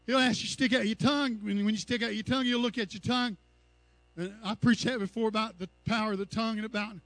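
A male preacher, his voice very high and bright. He preaches with fervor, often swelling into crying shouts. The sound is close and dry, with no room echo. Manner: impassioned preaching, rising to cries and shouts. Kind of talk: sermon.

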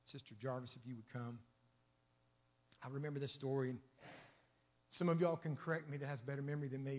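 A man preaching a sermon in a church, with emphatic, rhythmic repetition that swings from loud declarations to hushed asides. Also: medium pitch. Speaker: pastor. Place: church sanctuary. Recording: long church reverb.

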